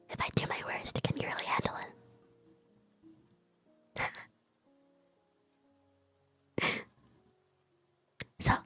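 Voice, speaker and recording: A woman streamer in a whispered chat stream, talking playfully and teasingly with her lips close to the microphone. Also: sharp tone.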